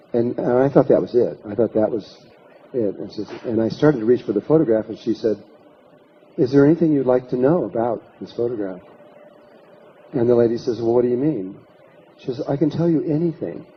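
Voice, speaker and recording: A man's voice: mid-range voice, a little hiss or hum. A man giving a workshop talk, telling a long story and acting out what people said. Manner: anecdotal, acts out quoted voices, many restarts. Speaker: workshop speaker. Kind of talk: storytelling lecture. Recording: dull lo-fi recording.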